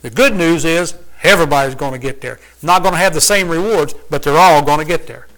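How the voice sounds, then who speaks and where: Folksy man preacher, high and bright, teaches casually and quizzes the room. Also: fairly quick, low-quality recording. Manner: folksy, conversational, asks the listeners questions. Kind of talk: informal Bible teaching.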